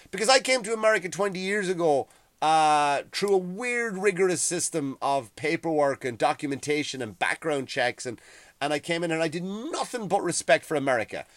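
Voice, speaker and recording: A middle-aged man with an Irish accent, hosting a profane, heated ranting monologue that grows loud and high when he gets worked up. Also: animated, brisk, no room sound. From Ireland. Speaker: podcast host.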